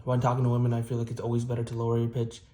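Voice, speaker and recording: A man's voice: medium pitch, completely flat delivery, very fast, mellow. A young man talking casually to camera in a self-improvement vlog, rambling earnestly with many fillers and restarts. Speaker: vlogger.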